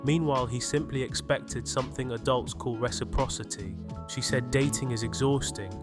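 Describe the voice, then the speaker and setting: A man delivers a scripted commentary, critical and scornful in tone. His voice sits at a middle pitch for a man. Guitar music plays clearly underneath him. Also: moderate pace. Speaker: commentary channel host.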